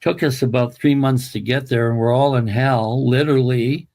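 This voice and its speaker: A man's voice: mid-range voice, steady tone, creaky, darkish tone. A man as an interview guest, telling an emotional personal story in an earnest, emphatic way. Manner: earnest, emphatic, slow and deliberate.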